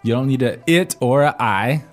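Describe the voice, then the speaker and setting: A man's voice: mid-range voice, normal speed, faint music behind. A man co-hosting a podcast language lesson, prompting with questions and recapping each point in plain English. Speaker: co-host.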